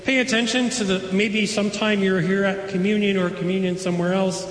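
A pastor preaching a sermon, conversational, with playful asides to the congregation. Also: male voice, sits high, steady tone, a little fast. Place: church sanctuary. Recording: echoey sanctuary, long reverb.

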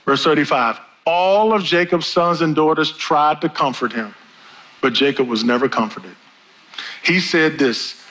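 A middle-aged male pastor preaching a sermon, with big swings in pitch and pace. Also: unhurried, fairly bright tone, rough recording.

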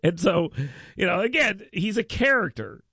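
Chatty gravelly-voiced radio host man. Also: high voice, lively intonation, normal speed, bright, forceful tone, dry recording, clean studio sound. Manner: rambling storytelling with mocking put-on voices. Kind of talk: casual radio chat.

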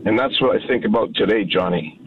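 A man's voice: on the low side, a little fast, slight background noise. A man in his fifties calling in to a radio show, telling a heartfelt story with animation. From Canada. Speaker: caller. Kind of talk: phone-in storytelling. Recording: tinny phone line.

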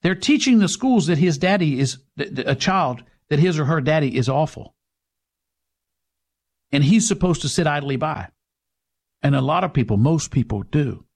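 A man's voice: fairly high pitch, lively intonation, normal speed, a little mellow. A man hosting a talk radio show, delivering an indignant, mocking monologue.

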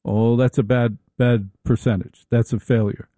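A middle-aged man delivering a wry, rambling comedic monologue, full of halting restarts. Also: medium pitch, fairly even intonation, mellow, no echo.

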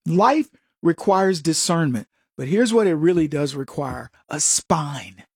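A middle-aged man delivers a pointed political monologue with a slightly husky edge to his voice. His pitch swings up and down freely as he mocks and preaches, and the sound is close and dry, with no room around it. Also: animated, a little slow, dry recording. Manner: sarcastic, preachy, addresses listeners as folks. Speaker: political commentary host. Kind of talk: opinionated monologue.

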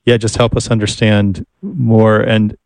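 A man's voice: on the low side, level tone, unhurried, creaky, a little mellow, no echo. A man interviewing a guest, asking thoughtful questions while searching for words.

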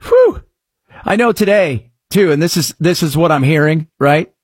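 Sarcastic man hosting with a husky voice. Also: fairly high pitch, moderate pace, no echo, studio quality. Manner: sarcastic, mock-shouting outbursts. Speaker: show host. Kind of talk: satirical political commentary.

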